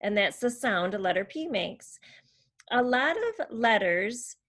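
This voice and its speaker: A woman's voice: fairly high pitch, very animated, unhurried, fairly bright tone. Patient woman speech therapist explaining sounds. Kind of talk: instructional demonstration.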